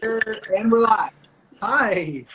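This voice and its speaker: A man's voice: high-pitched, extremely slow, bright, forceful tone. A man chatting as a guest on a phone livestream from indoors, goofy and playful. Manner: goofy, playful, self-described a bit nuts. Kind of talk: casual chat.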